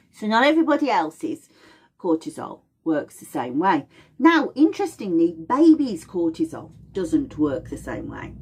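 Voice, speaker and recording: A woman's voice: medium pitch, very animated, measured pace, a little mellow, breathy edge. A middle-aged woman teaching about aromatherapy in an informal, explanatory way, acting out little voices and sounds as she goes.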